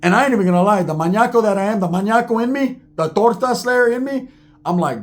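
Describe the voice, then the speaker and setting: Profane animated storytelling man. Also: high-pitched, fast talker. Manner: profane, animated, slangy, acts out quotes. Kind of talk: casual storytelling.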